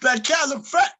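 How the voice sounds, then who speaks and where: Casting: high-pitched man, live host, loud rambling comic rants. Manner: loud, rambling, animated storytelling. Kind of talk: unscripted comedic rant.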